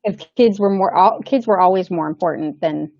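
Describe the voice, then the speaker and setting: Woman actor, interview guest. Casual, animated storyteller who acts out the voices. Mid pitch, dry, slightly lo-fi remote audio. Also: moderate pace, vocal fry, no room sound. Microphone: remote call setup. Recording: slightly dull lo-fi sound.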